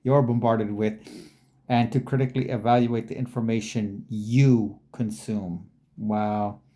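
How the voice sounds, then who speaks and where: A man's voice: lowish voice, steady tone, measured pace, mellow. A man giving casual commentary as he reads text from a screen, rambling and musing and repeating words aloud. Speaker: video creator.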